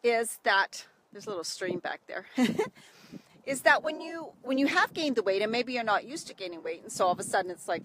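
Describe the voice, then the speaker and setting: A woman's voice: a little high, lively intonation, brisk. Chatty middle-aged woman coaching outdoors. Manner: chatty, acts out worried inner voices. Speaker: health coach for women over 40. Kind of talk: casual live video talk. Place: outdoors by a stream in the wind.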